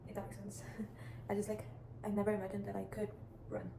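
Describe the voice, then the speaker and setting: A teenage girl rambles through casual advice in a chatty, meandering way, circling back on herself often. Her pitch stays fairly level, with little rise and fall. The recording is roomy and echoey, with clear background noise underneath. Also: completely flat delivery, fairly quick. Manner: rambling, chatty, many restarts and "like" fillers. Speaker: vlogger.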